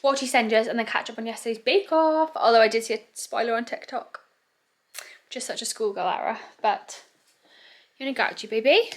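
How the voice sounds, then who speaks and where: A woman's voice: fairly high pitch, fairly quick. A young woman from England chatting casually in her vlog, rambling and talking to her dogs now and then. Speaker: vlogger.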